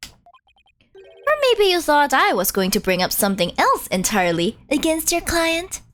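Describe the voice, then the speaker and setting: A woman's voice: high-pitched, big pitch swings, unhurried, fairly bright tone, faint music behind, pitched above the performer's own voice, heavily acted. A woman voicing a cocky young male law student witness while reading game dialogue aloud. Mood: smug. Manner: cocky, needling.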